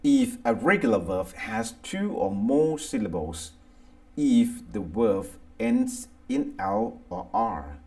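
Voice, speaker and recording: Thai-accented man teaching english grammar, really slow, low gravelly voice, pitch jumps around a lot. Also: huge pitch swings, darkish tone. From Thailand. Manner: slow, deliberate, reads word lists aloud one by one. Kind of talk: slow scripted grammar lesson.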